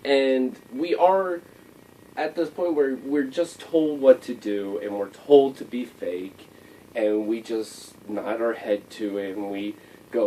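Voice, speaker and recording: Blunt ranting man, mellow distant voice. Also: medium pitch, slow pace, slight background noise. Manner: blunt and exasperated, lots of fillers. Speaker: vlogger. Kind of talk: opinionated rant to camera.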